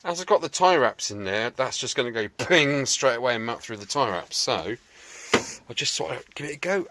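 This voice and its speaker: A man's voice: mid-range voice, lively intonation, moderate pace, sharp tone, a little hiss or hum. A man talking through a restoration job in his workshop, chatty and jokey, muttering to himself and swearing mildly. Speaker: restoration video maker.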